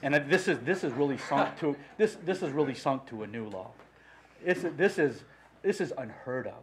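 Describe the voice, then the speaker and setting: Background noise surrounds a middle-aged man speaking at a podium mic during public comment at a city council meeting. He's unscripted, passionate and halting, restarting many times, and his medium-pitched voice is animated.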